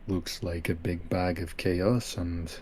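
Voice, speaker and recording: A man's voice: low voice, steady tone, takes it slowly, a little mellow, a little hiss or hum. A man voicing a former bringer of order who speaks in a dry, laconic way.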